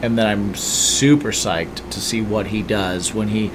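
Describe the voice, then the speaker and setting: A man's voice: lowish voice, fairly even intonation, measured pace, noisy background. A man co-hosting a podcast, talking loosely in casual chat with lots of fillers and restarts. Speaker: podcast co-host.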